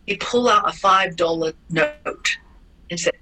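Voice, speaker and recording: Bright-voiced woman telling a story. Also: lowish voice, a little slow, low-quality recording. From Hong Kong. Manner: lively, acts out quoted voices, frequent restarts. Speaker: interview guest, former ballerina. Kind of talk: animated personal storytelling.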